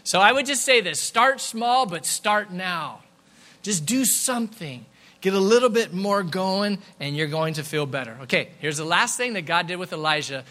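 A middle-aged man preaching a sermon in a church, lively and conversational, with quick asides to the congregation. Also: high-pitched. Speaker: pastor. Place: church sanctuary.

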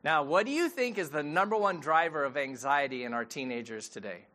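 A man's voice: on the high side, lively intonation, a little fast, bright, forceful tone. A middle-aged man, a pastor giving a sermon in a conversational storytelling way and asking the audience questions.

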